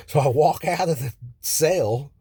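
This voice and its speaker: Parked by the roadside, a vlogger sits in his car and shares a raw personal testimony, swearing freely and circling back with lots of fillers and restarts. His voice is slightly high, slow and mellow with a breathy edge, recorded at studio quality with no echo.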